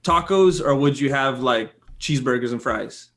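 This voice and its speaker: A man's voice: mid-range voice, normal speed, fairly bright tone. A young adult man talking as a guest on a casual podcast, candid and self-deprecating in an easygoing way. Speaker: podcast guest, fellow creator.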